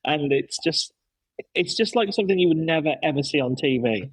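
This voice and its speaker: A man's voice: on the high side, expressive, a little fast, breathy edge, dry recording, rough recording. A man hosting a casual podcast, telling stories with enthusiasm and lots of restarts. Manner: rambling, enthusiastic, many restarts. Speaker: podcast host, dad.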